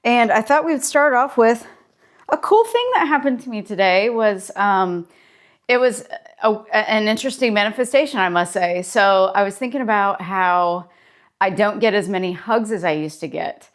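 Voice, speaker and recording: A woman therapist chats through a casual daily vlog, telling a story in an encouraging way. Her voice is medium-pitched and her pace moderate, picked up by a personal mic.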